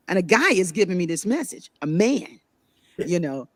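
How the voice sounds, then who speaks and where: A woman's voice: on the low side, normal speed. A woman hosting a spiritual conversation, telling a personal story with lots of laughter and murmured agreement. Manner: animated storytelling with frequent laughs and affirming murmurs. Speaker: host.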